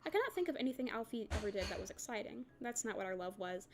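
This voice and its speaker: A woman reads a novel aloud for a book club, telling it in an expressive first-person voice. Her pitch sits a little high for a woman. She moves through the text at a quick clip. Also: background noise.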